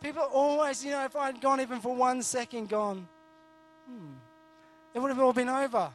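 Male preacher, high tenor, casual sermon, self-deprecating, stop-start phrasing. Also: fairly even intonation, fast, slight background noise. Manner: earnest, jokey, frequent restarts. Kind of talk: conversational sermon.

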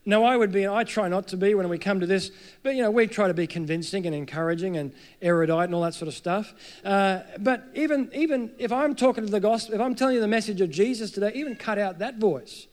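A man preaching a sermon, earnest, climbing to emphatic peaks and sinking to soft, low passages. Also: quick pace.

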